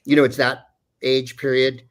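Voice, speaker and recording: A man's voice: mid-range voice, monotone, normal speed. A man who is a voice actor telling a story in a casual way, rambling and digressing with many fillers. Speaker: voice actor guest.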